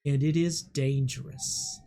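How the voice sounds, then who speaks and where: Slow-paced tabletop game master. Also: medium pitch, steady tone, warm tone. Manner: slow deliberate storytelling.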